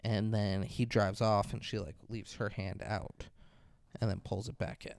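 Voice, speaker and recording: Man, podcast co-host, movie recap, profane, smooth resonant voice, dry close sound. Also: lowish voice, little pitch movement, measured pace, darkish tone, dry recording. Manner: profane, retells scenes acting out lines. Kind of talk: casual movie recap chat.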